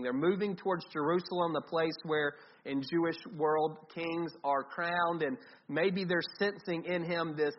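A man preaching a sermon in a conversational way, thinking aloud with restarts. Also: a little high. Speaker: pastor. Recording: dull, slightly lo-fi with faint noise.

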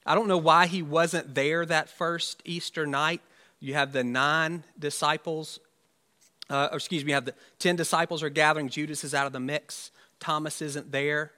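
A male pastor delivers a sermon in a crisp, bright voice that sits a little high. He talks it through like a conversation, musing aloud and tossing in rhetorical asides. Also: fairly even intonation, normal speed. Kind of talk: Easter sermon.

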